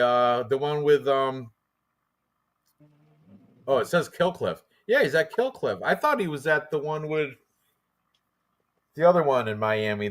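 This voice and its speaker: Chatting casually as host of a fight prediction show, a medium-pitched man rambles excitedly, full of fillers and restarts.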